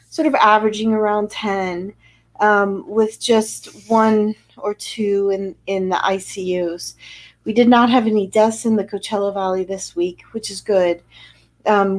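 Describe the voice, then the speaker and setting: A woman's voice: mid-range voice, a little mellow. A woman physician with an American accent giving an informal weekly health briefing, talking over slides in a conversational way with fillers and restarts. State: a little out of breath.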